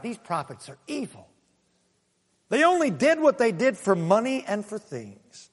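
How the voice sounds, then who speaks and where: Preaching man with a lively, chatty delivery. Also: sits high, a little slow, long reverb tail. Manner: conversational preaching with anecdotes and chuckles; swings from soft asides to raised emphatic points. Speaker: pastor. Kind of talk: sermon.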